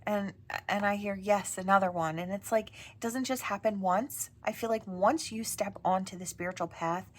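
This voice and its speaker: A woman giving a channeled tarot reading to her viewers, talking gently and rambling, with frequent fillers and tag questions. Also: medium pitch, moderate pace, few pauses. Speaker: tarot reader.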